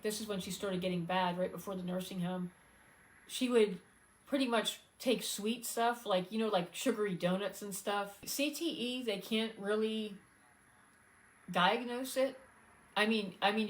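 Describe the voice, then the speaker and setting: A woman speaks on her own live stream in a loose, conversational way. She is heartfelt and close to tears, often stopping on fillers to steady herself and find her words. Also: medium pitch, poor audio. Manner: heartfelt, halting, many fillers, fighting back tears. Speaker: singer-songwriter hosting a live stream. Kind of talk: casual live-stream talk.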